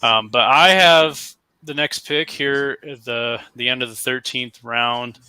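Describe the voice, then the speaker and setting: A man co-hosting a casual sports podcast, thinking out loud and correcting himself as he talks through his draft picks. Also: mid-range voice, unhurried, clear, resonant tone, dry recording. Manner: conversational, thinks aloud, self-correcting. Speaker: podcast co-host.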